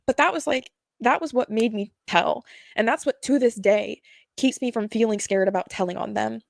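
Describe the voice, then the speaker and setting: Her voice is medium-pitched, gravelly, and darkish, recorded with no room sound, as a young woman recounts a painful personal story to viewers. She's nervous, sweating, and near tears, rambling in slang with many fillers.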